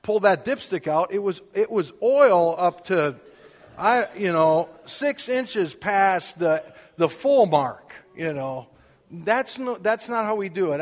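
A middle-aged man telling a story in a sermon. He speaks casually, with self-mocking humor, and loudly acts out the things people said. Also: sits high, normal speed. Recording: long reverb of a large hall.

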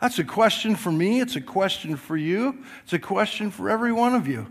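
A man preaching a sermon as pastor to a church congregation, swinging from loud emphatic passages to soft quiet asides and joking with the listeners. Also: sits high, animated, a little fast, slightly rough, in a large hall. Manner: jokes with the congregation.

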